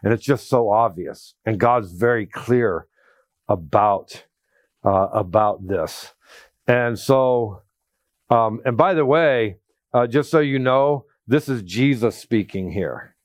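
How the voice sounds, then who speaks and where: A young adult man preaching a sermon in a chatty, animated way, acting out scripture as he goes. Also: mid-range voice, takes it slowly, dry recording, clean studio sound. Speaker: pastor.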